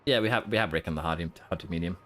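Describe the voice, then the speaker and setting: A man with a low, fairly bright voice races through casual live-stream commentary on a racing management game, rambling aloud with plenty of fillers. He's fighting off hiccups and trying to hold them in, with soft music playing in the background.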